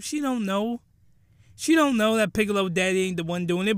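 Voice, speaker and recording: A man giving a crude, rambling comedic recap of a show in an animated way. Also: high-pitched, normal speed, smooth, dry recording, studio quality.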